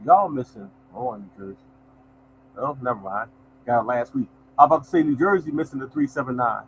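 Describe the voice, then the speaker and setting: A man's voice: medium pitch, brisk, slight background noise, poor audio. A man hosting a lottery numbers show, chatting loosely to viewers and reading out numbers. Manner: loose, conversational, reads out numbers, addresses viewers as y'all. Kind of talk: casual livestream chat to viewers.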